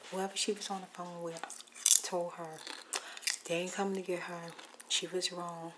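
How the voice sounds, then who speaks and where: A woman's voice: fairly low pitch, flat delivery, moderate pace, noisy background. A woman telling a rambling neighbor story in a whispered ASMR storytime while eating popcorn, close to the mic. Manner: rambling, gossipy, shifting between whisper and soft speech.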